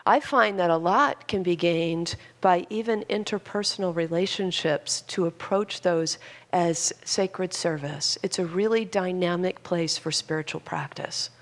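Gravelly woman preaching a sermon. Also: fairly low pitch. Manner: earnest, storytelling, building to fervent. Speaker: minister.

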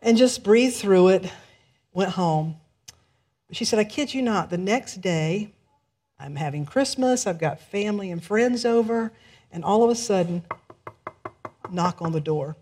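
Woman minister, warm-toned storyteller at the pulpit, lively delivery. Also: mid-range voice, measured pace, long pauses, breathy edge. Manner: lively storyteller, laughs through punchlines. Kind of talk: storytelling sermon.

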